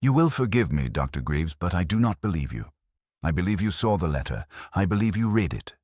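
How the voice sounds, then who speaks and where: A man's voice: low voice, big pitch swings, fairly quick, darkish tone, no room sound, clean studio sound. A man voicing a shrewd, fussy older male detective who speaks precisely and formally. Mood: accusing.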